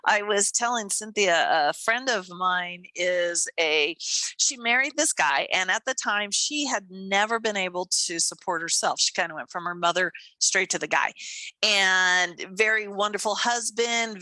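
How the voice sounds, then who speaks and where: A bright, forceful woman hosts a casual podcast chat. She tells her stories with animation and acts out her own inner voice, laughing often. The sound is dry and close. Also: lowish voice, dry recording. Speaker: podcast host.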